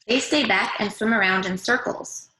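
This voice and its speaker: A woman teacher reading a picture book aloud to young children over a video call, gently asking them questions as she goes. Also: mid-range voice, normal speed. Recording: echoey room.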